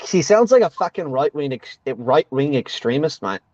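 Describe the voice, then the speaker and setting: A man's voice: on the high side, sing-song, normal speed, darkish tone, dry recording, dull audio. A man on a panel who talks bluntly and sarcastically, swearing often. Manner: blunt, sarcastic, swears a lot, says mate. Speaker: panel guest. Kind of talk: casual argumentative chat.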